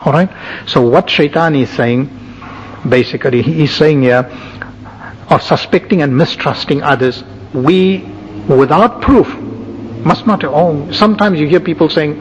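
A man with a somewhat high voice delivers a sermon as a religious teacher, working through points in a measured way with lists and frequent asides. The recording is lo-fi with long hall reverb and slight background noise.

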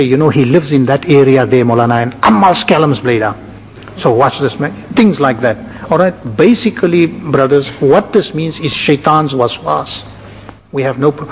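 A man giving a sermon, calmly listing and explaining numbered points to his listeners. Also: a little high, husky. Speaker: religious teacher. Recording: dull, echoing hall recording.

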